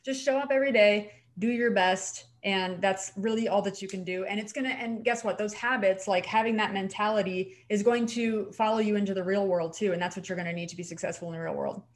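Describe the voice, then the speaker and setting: A young adult woman, a dental hygienist co-hosting a show, talking in an animated, emphatic way. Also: medium pitch, a little fast, hardly any pauses. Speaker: podcast co-host, dental hygienist. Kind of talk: casual chat.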